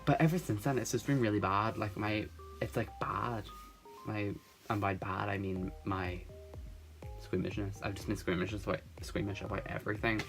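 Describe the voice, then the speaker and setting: A man's voice: on the low side, steady tone, moderate pace. Teen boy rambling thru a storytime, giggling a lot, bit of music under it. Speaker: vlogger. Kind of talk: casual storytime chat.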